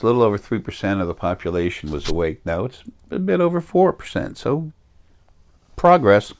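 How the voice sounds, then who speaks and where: Deep-voiced man rambling on spirit. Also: darkish tone. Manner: meandering, self-correcting, earnest. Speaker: spiritual teacher.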